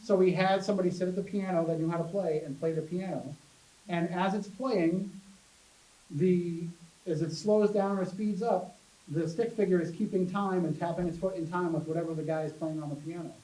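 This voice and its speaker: Man, high voice, chatty animated storyteller, public talk, distant mic, echoey room. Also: normal speed. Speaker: paranormal investigator giving a talk. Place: public library meeting room.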